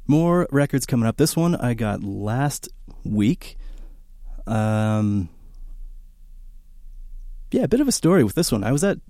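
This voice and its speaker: Speaking a little slowly with long pauses, a mid-range male voice fills the gaps between songs on a college radio record show. He's rambling, enthusiastic, and filler-heavy, telling animated stories. A studio broadcast mic in a small radio studio gives dry, studio-quality sound.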